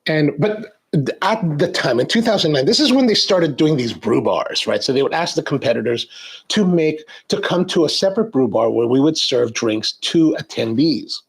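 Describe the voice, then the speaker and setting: A middle-aged man hosting a coffee live stream, chatting in a rambling, animated way and reading viewer comments aloud. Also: on the high side, moderate pace, vocal fry, husky. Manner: rambling, animated, frequent restarts. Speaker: coffee show host.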